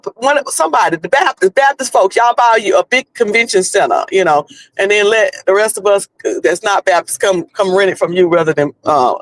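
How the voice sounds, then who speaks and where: A man's voice: high voice, dry recording, rough recording. A man with a North Carolina Southern accent, chatting casually on a livestream while driving, rambling with many restarts. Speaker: livestream host. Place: in a car.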